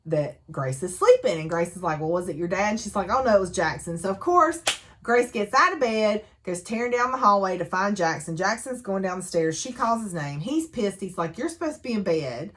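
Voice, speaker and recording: A woman's voice: lowish voice, a bit bright. A woman casually recapping a novel, chatty and gushing, slipping into the characters' lines as she goes. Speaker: book reviewer.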